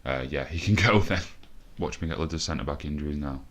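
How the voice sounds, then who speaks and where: A man's voice: rumbling low, fast, few pauses, a bit bright. A man commentating his own football management game, frustrated, swearing and thinking aloud. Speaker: gaming video host. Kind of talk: let's play commentary.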